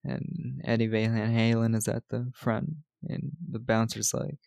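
Gravelly man laughing through a film recap. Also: mid-range voice, level tone, a little mellow, no echo. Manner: laughing often, retelling scenes with quick quoted lines. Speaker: podcast co-host recapping a film. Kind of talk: casual chat.

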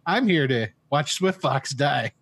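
A man's voice: on the high side, lively intonation, measured pace, fairly bright tone. A man playing in an online tabletop game, joking around in casual chat. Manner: playful, joking. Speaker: player.

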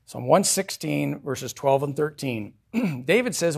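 A man's voice: on the high side, expressive, unhurried, creaky, slightly rough. A male pastor preaching a sermon in a conversational way, asking his congregation questions.

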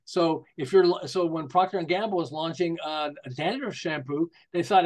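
Talking briskly with hardly a pause, a high-voiced man in his 60s or older swaps stories as a podcast guest. He works as a marketing consultant and stays animated throughout, laughing a lot over his jokes and tales.

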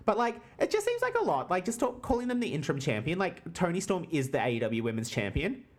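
Woman podcast host, low voice, lively swinging pitch, casual chat, swears a lot. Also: fast talker. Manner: swears a lot, teasing, laughs often.

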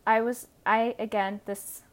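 A woman's voice: a little high, flat delivery, unhurried. A young woman in her teens, telling her own story in a casual, rambling way, with many fillers and restarts. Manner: rambling, self-correcting, frequent fillers. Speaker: podcast host.

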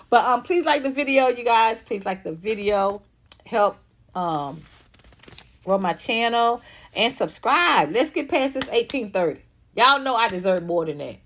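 A woman hosts a casual celebrity gossip show. Her voice sits a little high. She is brash and profane and tells her stories in a loud, animated way. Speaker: channel host.

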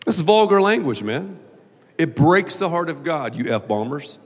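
A man from the American South preaching a sermon as pastor, animated and jokey, slipping into mock voices. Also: fairly high pitch, normal speed, breathy edge. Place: large church auditorium. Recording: long reverb of a large hall.

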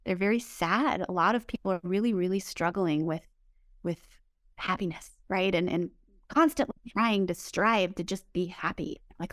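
A woman's voice: lowish voice, normal speed, a bit bright, dry recording. Emphatic upbeat woman, dry close sound. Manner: emphatic, upbeat, repeats words when stressing points. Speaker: spiritual healing coach, guest. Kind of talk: conversational interview answers.

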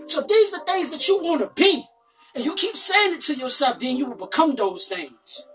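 A woman giving an emphatic motivational monologue. She repeats her lines and bursts into shouting. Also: high voice, expressive, moderate pace. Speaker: motivational speaker. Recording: distant from the mic. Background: faint music.

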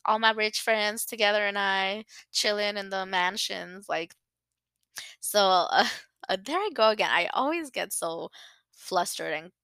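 A young adult woman hosting her own podcast, chatting in an animated, rambling way. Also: medium pitch, unhurried, smooth, no echo. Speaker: podcast host. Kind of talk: casual solo podcast chat.

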